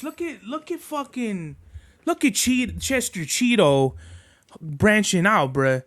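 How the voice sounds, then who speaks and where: A young man with a high voice riffs through his solo podcast, swearing freely and tacking "bruh" onto his sentences. His talk is loose and rambling, full of restarts and asides. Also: sing-song, slow. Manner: profane, rambling, slangy with frequent "bruh"; soft, cooing baby talk to his dog. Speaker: podcast host. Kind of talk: casual solo podcast chat.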